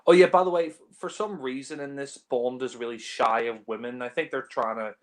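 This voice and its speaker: A man talks over a film in a loose, casual commentary, swearing freely and sounding exasperated. His pitch sits in an ordinary middle range, and he keeps breaking into laughter. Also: steady tone, a little fast. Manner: blunt and exasperated, laughs often.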